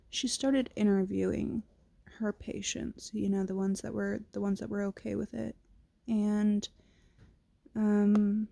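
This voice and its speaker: A woman with a mid-range, gravelly, dark voice vlogs casually to camera, still sounding fresh from sleep. She's slow, reflective and candid, swearing now and then, and the recording has no room sound.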